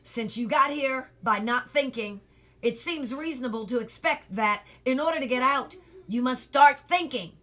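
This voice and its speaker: A woman's voice: high-pitched, normal speed, fairly bright tone. A woman voicing an impatient, growling male watchdog in a storybook reading. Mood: scolding. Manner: growling, scolding. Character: gruff, impatient male watchdog with a ticking clock body.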